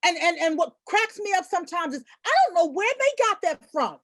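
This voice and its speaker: A middle-aged woman shares stories on a book festival panel over a video call. Her voice sits high and sounds dry and close. She performs her anecdotes with lively, expressive energy. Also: a little fast, no room sound. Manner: animated storyteller, acts out voices in anecdotes. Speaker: panelist, children's book author and illustrator. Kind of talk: panel discussion.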